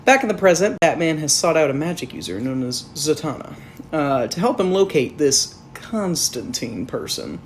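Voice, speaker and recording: A woman's voice: deep voice, very animated, moderate pace, slight background noise. A woman giving a sarcastic, jokey movie review as the channel's host, with casual swearing and asides. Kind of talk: sarcastic comedic film review.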